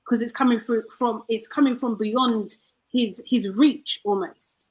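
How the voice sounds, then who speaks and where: A woman's voice: a little high, fairly even intonation, unhurried, slightly rough, rough recording. A woman chatting casually, with informal slangy phrasing as she backs up the point. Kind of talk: casual chat.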